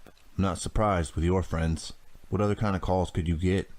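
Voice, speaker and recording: A man reading a gruff, practical police-officer father who speaks with a drawl. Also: low-pitched, fairly even intonation, moderate pace, a little mellow, natural voice. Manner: drawling, dry humor.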